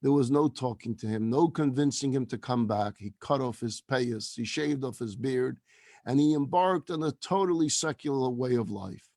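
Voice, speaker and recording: A man, a rabbi, telling a story as a sermon, acting out the dialogue in his voice and dropping to a hushed, slow delivery at emotional peaks. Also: mid-range voice, dry recording, clean studio sound.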